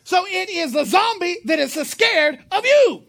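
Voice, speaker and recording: High, bright-voiced woman preacher. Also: unhurried. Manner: lively, emphatic, joking asides, bursts of shouting. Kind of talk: sermon.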